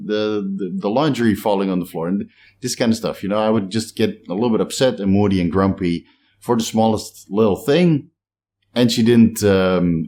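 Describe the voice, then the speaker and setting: A middle-aged man from the Netherlands, with a slight Dutch accent, hosts a bodybuilding channel from his home in a hot climate. He chats casually to camera, reading out and answering viewer comments in a rambling, self-deprecating way. His voice is fairly low and darkish.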